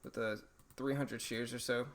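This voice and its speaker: A man hosting a live day-trading stream, thinking aloud in a relaxed, halting way, his voice a bit hoarse. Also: mid-range voice. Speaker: stream host, day trader.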